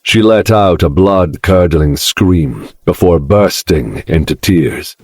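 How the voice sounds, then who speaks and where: A man narrating a dark first-person romance audiobook in a slow, brooding manner. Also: low voice, animated, no echo, studio quality.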